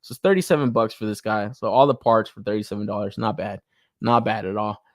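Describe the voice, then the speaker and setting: A man's voice: fairly low pitch, quick pace, dry recording, studio quality. A man co-hosting a casual podcast, talking bluntly and incredulously, laughing often and swearing freely. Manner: blunt, incredulous, laughs often, mocks others' hype in exaggerated voices. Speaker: podcast co-host reviewing action figures. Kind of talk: casual profane chat.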